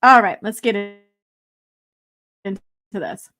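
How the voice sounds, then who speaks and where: A woman's voice: mid-range voice, lively intonation, slow pace, sharp tone. A woman hosting a casual live stream, laughing often as she reads chat messages aloud. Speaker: host.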